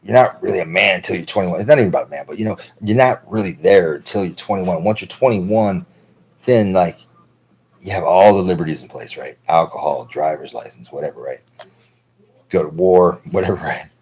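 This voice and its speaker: Man, 30s, stream host. Low, husky, loose profane monologue. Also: brisk, darkish tone, rough recording. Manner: profane, rambling, heavy use of filler words. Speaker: livestream host. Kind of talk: rambling monologue.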